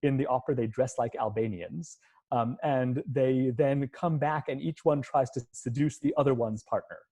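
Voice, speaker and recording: Over a video call picked up by a computer mic, a music professor gives an online lecture, walking through scenes step by step and sometimes humming the musical lines. He speaks at a normal speed with a medium-pitched, warm voice.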